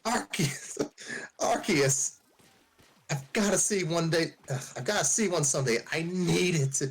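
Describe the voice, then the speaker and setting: A man voicing an excitable, starstruck young woman trainer who squeaks, gushes and stammers. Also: normal speed, soft background music, natural voice. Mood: excited.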